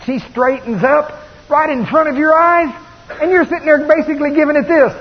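A man preaches with a high, lively voice, telling the story in a folksy way with bursts of laughter. The sound is dull and lo-fi, with a long reverb from the hall and a faint hiss underneath. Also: a little fast. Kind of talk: sermon.

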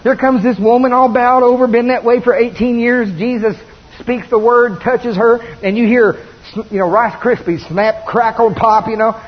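A man preaching a sermon in a folksy, animated storytelling manner, laughing as he goes. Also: extremely high pitch, moderate pace, breathy edge. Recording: dull lo-fi recording with long reverb and faint hiss.

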